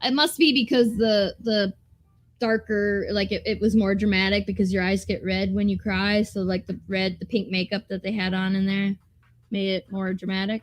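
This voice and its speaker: A woman's voice: mid-range voice, normal speed, dry recording. A young adult woman co-hosting a podcast, chatting casually and animatedly about a movie, swearing freely and restarting her sentences. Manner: animated, profane, rambling with restarts. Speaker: podcast co-host.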